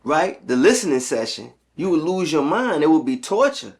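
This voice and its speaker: A middle-aged man speaking in a relaxed, plain way in a casual conversation. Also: on the high side, normal speed. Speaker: guest.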